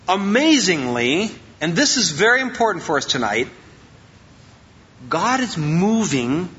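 A male pastor giving an informal, joking sermon, animated and often acting out voices. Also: high-pitched, highs cut off.

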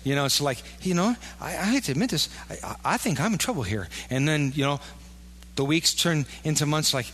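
A man's voice: a little high, expressive, a little fast, a bit bright. A man preaching a sermon in a casual, conversational way, often acting out the imagined inner voices of his listeners. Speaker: pastor. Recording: long hall reverb.

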